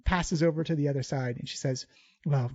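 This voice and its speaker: A man's voice: fairly high pitch, steady tone, quick pace, darkish tone, dull audio. A man narrating a tabletop game as game master in a loose, filler-heavy way.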